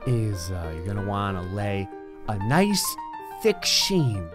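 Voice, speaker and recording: A man doing an impression of a calm, soft-spoken TV painting instructor, talking in a hushed, soothing way. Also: fairly low pitch, slow pace, music in the background, voice pushed down.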